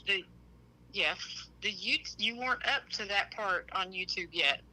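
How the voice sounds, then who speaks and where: A woman's voice: mid-range voice, a little slow, bright, forceful tone, poor audio. A woman on a speakerphone call, talking plainly and matter-of-factly in casual chat. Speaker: caller on speakerphone.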